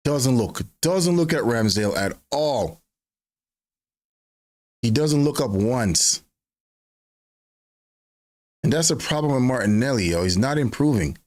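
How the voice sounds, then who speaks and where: A man hosting a fan watch-along, giving casual live match commentary in slang, swinging between flat grumbling and excited yelps. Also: medium pitch, measured pace, long pauses. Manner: slangy, keeps saying bro.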